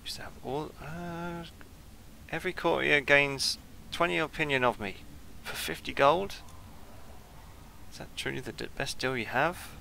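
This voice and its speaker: A man's voice: fairly high pitch, a little slow, vocal fry, pushed and bright, a little hiss or hum. A man giving casual let's-play commentary on a strategy game, thinking aloud and trailing off mid-sentence. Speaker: gameplay commentator.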